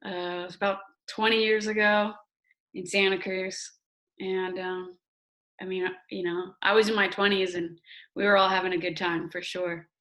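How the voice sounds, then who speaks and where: A woman hosts a memorial gathering over a video call. Her voice is soft and gentle, and her pitch sits in the middle. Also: level tone, moderate pace. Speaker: memorial organizer and host.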